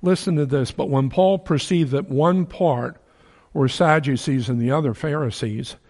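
A man's voice: a little high, normal speed, darkish tone. A man preaching a sermon in a folksy, joking way, acting out the people in his story with big swings in his voice.

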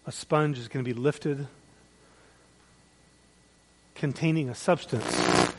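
A man preaching a sermon as pastor, swinging between loud, emphatic peaks and hushed, quiet drops. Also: medium pitch, takes it slowly, poor audio. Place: church.

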